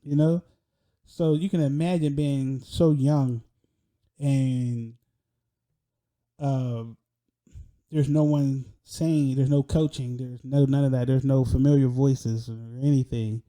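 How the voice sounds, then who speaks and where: A young man telling a personal story in an animated, slangy way, often laughing. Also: mid-range voice, slow, long pauses.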